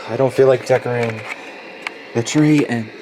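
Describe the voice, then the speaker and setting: This casual vlog comes from a man in his twenties sitting in a closet at home, sounding gloomy and nostalgic and cursing as he complains. His pitch is medium, his intonation fairly even and his pace moderate; the recording is noisy.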